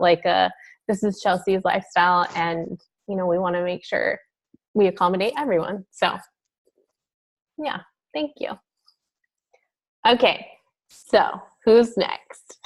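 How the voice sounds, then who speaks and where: A woman hosting a wellness group on a video call, telling a story in a chatty, animated way with lots of fillers. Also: mid-range voice.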